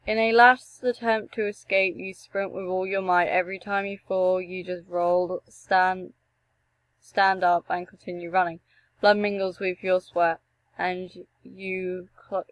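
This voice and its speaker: A young woman reading a text adventure game aloud and breaking off for joking, animated asides and the odd swear. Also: medium pitch, no echo, low-quality recording. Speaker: gameplay streamer.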